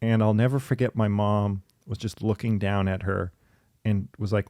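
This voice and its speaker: A man's voice: fairly low pitch, moderate pace, dry recording. Chatty man telling a family story. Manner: chatty, lively, laughing asides. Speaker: podcast guest in therapy talk. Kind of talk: casual storytelling.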